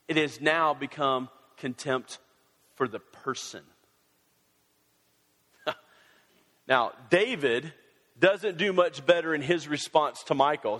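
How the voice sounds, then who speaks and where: A man preaching a sermon on marriage conflict, animated and sarcastic at times, reading scripture aloud. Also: fairly high pitch, long reverb tail. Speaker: pastor.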